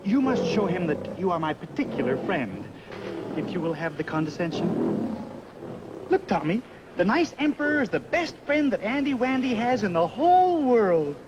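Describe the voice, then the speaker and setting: An actor playing a meek, humble tailor slave, coaxing and soothing in 1950s film style. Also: male voice, sits high, wildly swooping pitch, moderate pace, dull audio, exaggerated voice. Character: meek gentle tailor slave, middle-aged man, fond of animals. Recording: old film soundtrack with noise.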